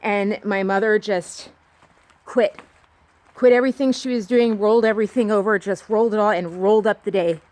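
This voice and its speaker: A woman's voice: medium pitch, steady tone, moderate pace, a little mellow, no echo. A woman vlogging outdoors on a walk, talking earnestly and rambling with many restarts. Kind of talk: candid personal monologue.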